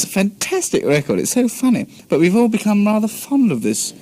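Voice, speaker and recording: A man's voice: high voice, big pitch swings, brisk, hardly any pauses, mellow, no echo. A man in his twenties with an English accent, answering questions in a radio interview with many ums and restarts, on an old 1960s radio tape. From England. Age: 20s. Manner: hesitant, many fillers and restarts. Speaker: guest comedian and musician.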